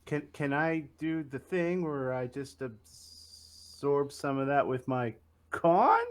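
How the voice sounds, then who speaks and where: A man's voice: fairly high pitch, slow, clean tone. A man playing a tabletop game, joking and laughing with the group as he answers rolls. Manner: playful, laughing, jokey. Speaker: player.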